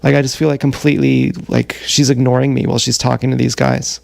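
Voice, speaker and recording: A man livestreams a rambling confessional story in a gravelly, creaky voice at an ordinary pitch. He talks bluntly and profanely, stalling often on fillers. He is recorded on an action camera. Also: flat delivery, quick pace, a little mellow, no echo.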